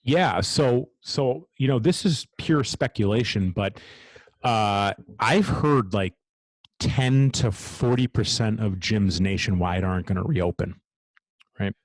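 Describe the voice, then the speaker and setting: A man's voice: fairly low pitch, slow pace, dry recording. A man who runs a gym speaks in a casual interview. He talks bluntly, swears freely and pushes ahead with drive. The sound is close and dry. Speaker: gym owner, guest.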